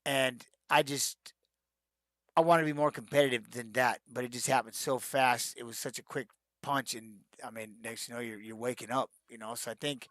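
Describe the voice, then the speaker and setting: A man's voice: mid-range voice, steady tone, moderate pace, fairly bright tone, dry recording. Dry, rambling middle-aged man. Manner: rambling, with many restarts and "man, you know" fillers. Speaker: retired fighter answering fan questions. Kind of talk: casual live-stream Q&A.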